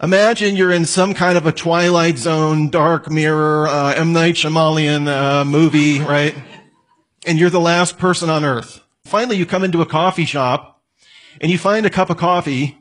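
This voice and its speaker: A man's voice: on the high side, fairly even intonation, normal speed, fairly bright tone. A man giving a conversational lecture, asking his listeners questions and adding joking asides. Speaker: apologetics teacher. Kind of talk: lecture on evidence.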